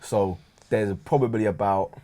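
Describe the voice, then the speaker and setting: Low, mellow man. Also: measured pace. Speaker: podcast co-host. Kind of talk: casual storytelling chat.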